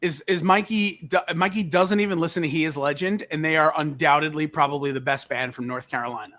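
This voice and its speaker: A man's voice: fairly high pitch, brisk. A man co-hosting a casual music podcast, joking and ribbing his friends. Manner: teasing, joking, animated. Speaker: co-host.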